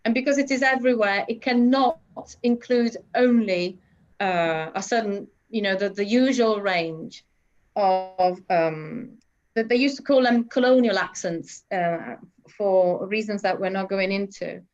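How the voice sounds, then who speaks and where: A woman's voice: mid-range voice, a little slow, muffled recording. A woman teaching an online English class, explaining at length with many fillers over a video call.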